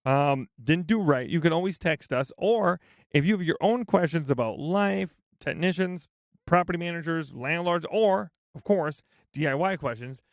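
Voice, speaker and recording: A man's voice: on the high side, lively intonation, moderate pace, dry recording, clean studio sound. A man hosting a podcast, chatting in a playful, jokey way. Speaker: podcast host. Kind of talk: casual podcast chat.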